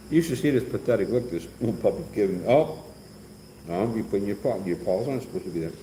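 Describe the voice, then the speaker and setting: A man's voice: lowish voice, a little fast, pauses often, warm tone. Guy rambling and teasing on a night livestream, echoey, crickets faint behind. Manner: teasing, chatty, joking. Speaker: livestream host. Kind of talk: casual livestream chat reading comments. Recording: echoey with faint background noise.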